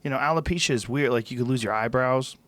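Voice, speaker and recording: A man's voice: medium pitch, quick pace, a bit bright, dry recording. Casual man reacting in chat.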